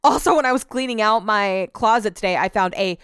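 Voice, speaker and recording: A woman's voice: mid-range voice, brisk, a bit bright, clear, resonant tone, no room sound, studio quality. A woman hosting a casual solo podcast from home, talking candidly and chattily with lots of filler words. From Sacramento area, US. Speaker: podcast host.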